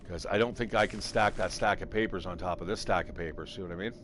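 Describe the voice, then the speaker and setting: A man's voice: sits low, fast, fairly bright tone, slight background noise. A man casually commentating his game live, rambling, thinking aloud and swearing freely. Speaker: game streamer.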